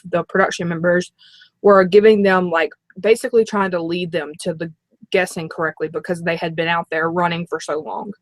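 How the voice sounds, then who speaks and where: A woman's voice: lowish voice, no room sound. A female co-host recapping events in casual chat, rambling with fillers.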